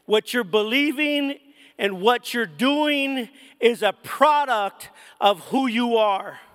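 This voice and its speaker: A man preaching a sermon as pastor, impassioned, with sudden loud peaks. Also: very high-pitched, slow. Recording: long church hall reverb.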